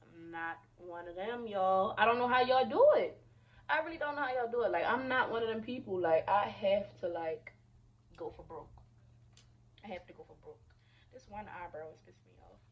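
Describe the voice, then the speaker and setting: A young woman vlogger telling a storytime while doing her makeup, animated and chatty, often saying "y'all" and "you feel me". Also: medium pitch, moderate pace, highs cut off.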